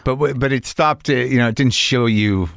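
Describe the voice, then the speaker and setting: A man's voice: medium pitch, normal speed, creaky, clear, resonant tone, dry recording, clean studio sound. A man hosting a podcast, chatting and joking casually with his guest. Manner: chatty, jokey, lively. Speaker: podcast host. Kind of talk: casual interview chat.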